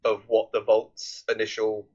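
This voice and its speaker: A man's voice: fairly low pitch, completely flat delivery, a little slow, muffled recording. A man co-hosting a casual film review podcast, rambling with many restarts and swearing freely. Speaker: podcast co-host.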